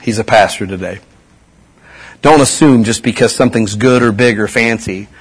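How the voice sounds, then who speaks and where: A man's voice: on the low side, moderate pace, slightly rough, poor audio. A man preaching a sermon in a conversational way, asking his audience rhetorical questions.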